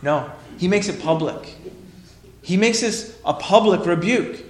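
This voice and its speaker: A male pastor preaching a sermon emphatically, swinging between loud declarations and hushed lines. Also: high voice, a little slow, reverberant, a little hiss or hum.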